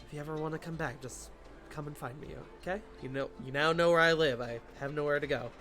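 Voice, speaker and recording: A man voicing a tender woman saying goodbye to her lover, speaking softly and low in a tabletop game. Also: fairly even intonation, fast talker, soft background music, close to an everyday voice. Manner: soft, hushed and low.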